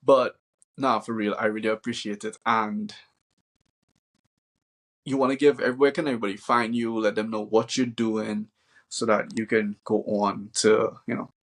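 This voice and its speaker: A man hosting a casual interview, laid-back and slangy, warmly enthusiastic about his guest's advice. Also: lowish voice, little pitch movement, normal speed. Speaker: podcast host.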